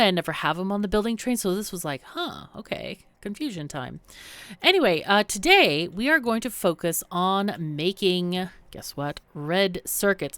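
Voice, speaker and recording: A slightly hoarse woman, losing her voice a little, hosting a game tutorial in chatty, casual commentary and thinking out loud as she plays. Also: fairly low pitch, dry recording. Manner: chatty and thinking aloud, with fillers. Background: faint background music.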